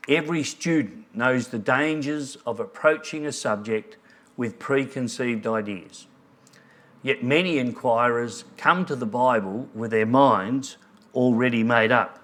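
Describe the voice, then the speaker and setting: A man's voice: medium pitch, fairly bright tone. A man preaching a sermon in a church, earnest, reading quotes aloud. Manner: earnest, reads quotes aloud, briefly moved. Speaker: pastor.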